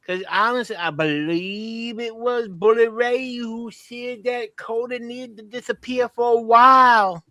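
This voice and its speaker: A man's voice: very high-pitched, fairly even intonation, measured pace, hardly any pauses, sharp tone, no room sound, exaggerated voice. A man doing a boastful old Texan wrestling promo. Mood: swaggering. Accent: put-on Texan drawl. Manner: rambling promo calling everyone baby and daddy. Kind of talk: comedic impression on a podcast.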